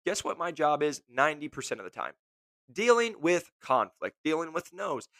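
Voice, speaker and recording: A man's voice: mid-range voice, fairly bright tone, dry recording. A man hosting a podcast, giving blunt motivational career advice with heavy emphasis and repeated rhetorical questions. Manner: emphatic, repeats "guess what", mimics whiny voices. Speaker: podcast host.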